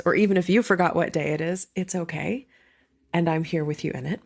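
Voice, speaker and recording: A woman author speaking as a podcast guest in a casual, reflective conversation, earnest and quick to laugh. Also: fairly low pitch.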